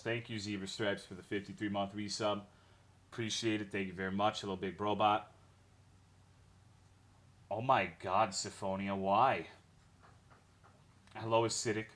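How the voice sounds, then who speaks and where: A man's voice: lowish voice, normal speed, pauses often, fairly bright tone. A young man streaming a game, chatting casually with his viewers in a rambling way, swearing often and greeting chat by name.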